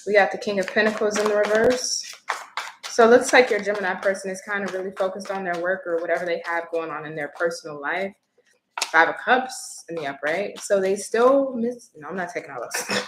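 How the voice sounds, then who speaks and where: A chatty woman reads tarot cards on a livestream, speaking bluntly and casually. Her voice sits in a middle pitch. The room has a noticeable echo and faint background noise. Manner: chatty, blunt, laughs easily. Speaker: tarot reader.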